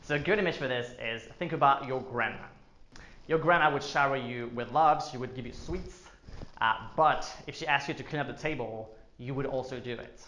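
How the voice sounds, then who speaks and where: A man's voice: medium pitch, fairly quick, fairly bright tone. Man, marketing vlogger, casual explainer, joking asides, roomy echo. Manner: joking asides, filler-heavy. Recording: echoey room.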